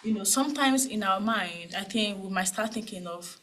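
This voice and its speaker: A woman's voice: medium pitch, normal speed, hardly any pauses, a bit bright, rough recording. A woman with a Nigerian accent speaks at a conference panel in a mid-range voice. She talks casually, with plenty of "right?" and "um" as she explains her points. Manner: conversational, many tag questions and fillers. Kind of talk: conference talk.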